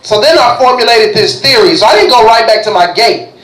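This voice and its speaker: A man performing a stand-up comedy set, telling a story with deadpan asides on a club stage. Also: extremely high pitch, fairly quick. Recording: echoey club room.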